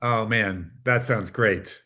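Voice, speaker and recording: A man's voice: lowish voice, takes it slowly, bright, forceful tone. Modest, self-deprecating middle-aged man. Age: middle-aged or older. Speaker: film producer, interview guest. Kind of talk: casual interview chat. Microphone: video call.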